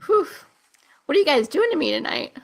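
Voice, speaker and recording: A woman hosting a live intuitive reading show, speaking softly and slowly, at times close to tears. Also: sits high, sing-song, creaky. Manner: soft, gentle, slow and emotional. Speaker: intuitive reader, show host. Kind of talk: live psychic reading session.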